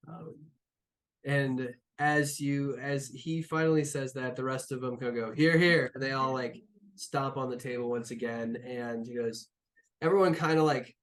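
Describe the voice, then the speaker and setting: A man's voice: mid-range voice, fairly even intonation, a little slow. A man narrating as game master of a tabletop game, talking casually with lots of fillers and the odd swear word.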